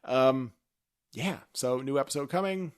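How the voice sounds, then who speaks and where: A man co-hosting a podcast, chatting casually and playfully about a TV episode like an excited fan. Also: mid-range voice, unhurried, clear, resonant tone. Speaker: podcast co-host. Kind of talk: casual chat recapping a TV episode.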